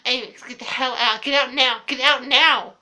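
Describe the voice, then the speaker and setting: A woman voicing her angry teenage brother as he yells orders at her, as part of a story. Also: high voice, steady tone, moderate pace. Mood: furious. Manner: loud, shouted orders.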